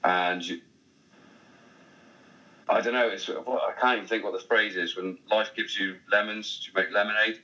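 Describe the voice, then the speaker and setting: A man talks in a low, bright-edged voice, rambling along in a matey way. He fills his sentences with "like" and restarts. The recording sounds a little dull and lo-fi. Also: steady tone, normal speed, pauses often. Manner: rambling, matey, lots of fillers. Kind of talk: casual chat.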